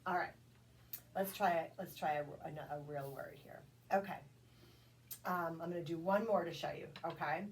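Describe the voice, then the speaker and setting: Woman tutor, lowish voice, patient and encouraging, one-on-one phonics drill, distant mic. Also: moderate pace, long pauses. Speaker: reading tutor. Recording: distant mic with faint background noise.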